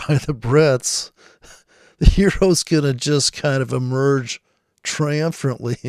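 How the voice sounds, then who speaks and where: Male trader talking over charts, gravelly voice, dry close mic, rambling and sarcastic. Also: mid-range voice, no echo. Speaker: forex trader. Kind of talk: casual screen-share trading commentary.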